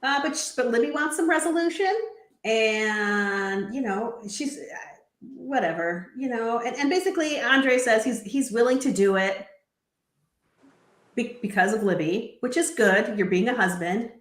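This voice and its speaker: A woman's voice: fairly high pitch, animated, a little slow. Giggly woman in an echoey room. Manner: giggly, retelling scenes. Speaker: co-host. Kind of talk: casual recap chat.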